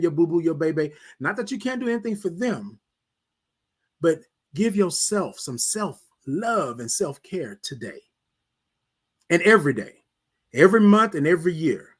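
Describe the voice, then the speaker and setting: Husky-voiced man preaching self-love. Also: on the high side, fairly bright tone. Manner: preacherly, repeats phrases, drops to near whisper on refrains; addresses listeners as "y'all". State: emotional. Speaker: host. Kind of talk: motivational morning talk.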